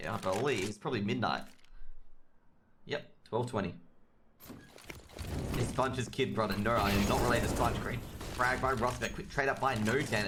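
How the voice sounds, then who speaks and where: Chatty, quick and joking with his chat, an Australian esports caster does solo live commentary on a game match and gets excitable whenever there's a big play. The voice is mid-range against a noisy background.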